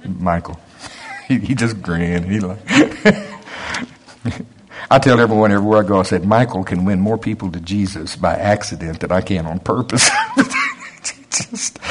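A man's voice: lowish voice, animated, moderate pace, husky. A middle-aged man preaching a storytelling sermon in a folksy way, acting out both sides of a conversation and chuckling often.

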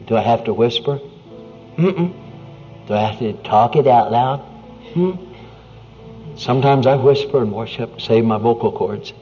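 A man preaching a sermon in an earnest, conversational way, often dropping to a hushed near-whisper. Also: mid-range voice, steady tone, moderate pace. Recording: dull lo-fi recording with faint music.

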